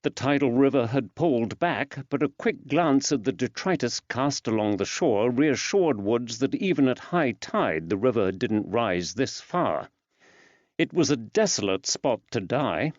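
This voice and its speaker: A man narrating an audiobook in a measured, even storytelling delivery. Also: mid-range voice, no room sound. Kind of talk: scripted narration. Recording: dull dry studio sound.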